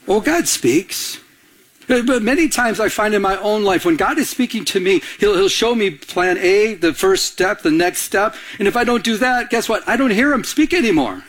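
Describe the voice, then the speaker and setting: High-voiced man preaching an animated sermon. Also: normal speed. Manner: animated, repeats words when restarting. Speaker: pastor. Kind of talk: sermon with personal storytelling.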